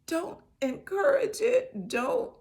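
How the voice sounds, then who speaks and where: A middle-aged woman casually retelling Bible stories and giving encouragement, chatty and animated, slipping into quick voices for the characters. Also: extremely high pitch. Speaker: host sharing a personal testimony.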